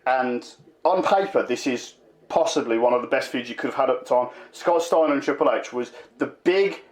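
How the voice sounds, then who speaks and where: A man's voice: medium pitch, brisk. A man, chatting casually about wrestling as a podcast co-host, rambling and emphatic. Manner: rambling, emphatic, full of fillers. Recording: roomy echo.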